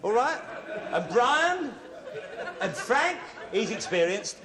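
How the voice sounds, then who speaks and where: A man with an English accent hosting a live TV game show, teasing contestants with quick jokes and asides. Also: very high voice, big pitch swings, a crowd in the background. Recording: 1970s TV studio with loud audience.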